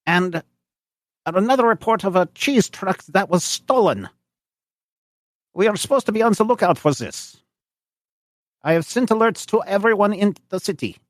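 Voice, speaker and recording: A man voicing an impatient male checkpoint officer who barks orders in a high, strained voice. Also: no echo, studio quality. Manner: high, strained, drawn-out delivery.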